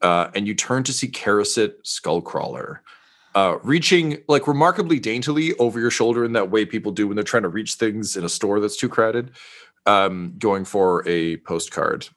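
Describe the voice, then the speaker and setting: A man's voice: lowish voice, expressive, moderate pace, fairly bright tone. A man narrating as game master in a tabletop game, rambling with many fillers and jokes. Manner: rambling, filler-heavy, jokey.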